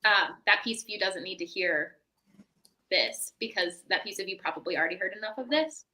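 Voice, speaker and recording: Bright-voiced woman explaining reflectively. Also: medium pitch, animated, brisk, poor audio. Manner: reflective, explanatory, often adds a checking "right?". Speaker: mental health professional guest. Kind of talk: casual podcast chat.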